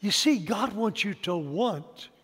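A high-pitched male preacher delivering a sermon with emphatic, rising declarations that drop to soft asides. His voice rings through a large church hall with a long reverb tail. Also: animated, takes it slowly, slightly rough. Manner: emphatic, swings between loud and soft.

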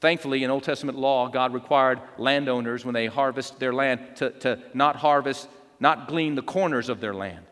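Pastor, male, bright forceful delivery, lively storyteller, big reverberant church hall. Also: medium pitch, moderate pace. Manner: animated storytelling with acted quotes. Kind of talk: sermon.

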